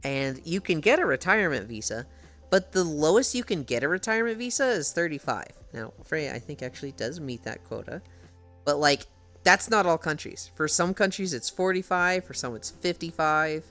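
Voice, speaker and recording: A young adult streamer from the United States chats casually with viewers from home, answering chat, laughing often and swearing freely. The voice is medium in pitch and a bit bright.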